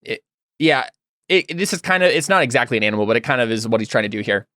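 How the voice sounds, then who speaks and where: A man's voice: medium pitch, animated, fast, pushed and bright, no room sound. Guy running a tabletop game, lots of ums and likes, dry sound. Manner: rambling, filler-heavy describing. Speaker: game master.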